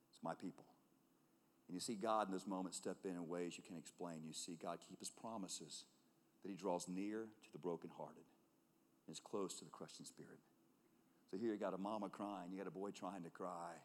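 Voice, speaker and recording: A man preaching a sermon as a pastor, swinging between loud emphatic calls and hushed, low tones. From United States. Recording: long reverb of a large hall.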